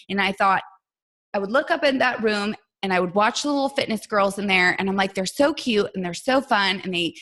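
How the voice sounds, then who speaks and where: A woman's voice: medium pitch, fairly bright tone. A middle-aged woman, a fitness coach, giving a chatty motivational talk to her team and acting out quotes as she tells her story. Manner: chatty, storytelling, acts out quotes in other voices.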